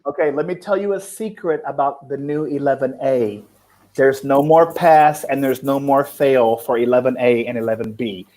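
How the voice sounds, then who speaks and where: A man chatting casually as an English teacher, upbeat and patient, laughing often and explaining things slowly. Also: mid-range voice, fairly even intonation, warm tone. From foreign, living in Cambodia. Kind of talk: casual live-stream chat.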